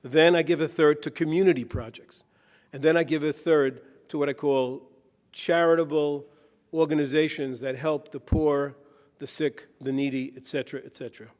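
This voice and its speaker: Telling stories and jokes with a preacher's cadence, a man delivers a conference keynote, his phrases trailed by the hall's long reverb. His slightly high, darkish voice keeps fairly even intonation at a moderate pace.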